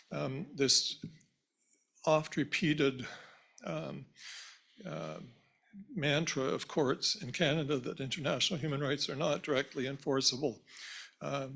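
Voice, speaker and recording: Hoarse man with a gravelly, husky voice. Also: on the high side, fairly bright tone. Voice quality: frequent throat-clearing. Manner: measured, earnest, with restarts. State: hoarse, losing voice. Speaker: symposium panelist. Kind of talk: academic panel talk. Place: university lecture hall.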